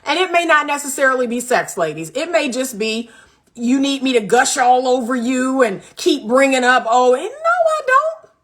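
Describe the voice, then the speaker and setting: A woman dating coach giving relationship advice in a vlog, emphatic and repetitive, with animated asides. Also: sits high, moderate pace.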